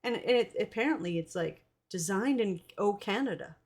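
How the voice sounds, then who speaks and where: A woman's voice: medium pitch, animated, moderate pace, a little mellow. A young adult woman streamer chatting casually with viewers, bubbly and laughing. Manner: bubbly, laughing, hesitant fillers. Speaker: streamer host. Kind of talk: casual live-stream chat.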